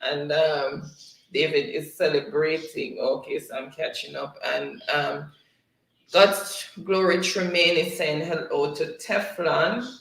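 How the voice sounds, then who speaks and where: A man's voice: a little high, steady tone, slow pace, gravelly, a bit bright. A man hosting a casual livestream, reading viewer comments aloud and laughing often between them. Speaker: livestream host. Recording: roomy, distant from the mic.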